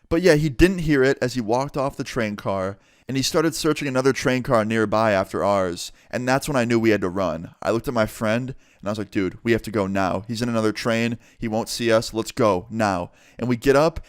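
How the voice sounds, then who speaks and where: A young man telling a storytime tale in a casual, animated way, acting out the quoted lines and swearing freely. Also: mid-range voice, no echo, studio quality.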